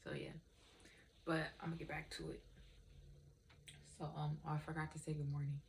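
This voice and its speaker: A woman's voice: deep voice, level tone, brisk, creaky, a little hiss or hum. A young woman vlogger in casual, candid chat, rambling and swearing freely.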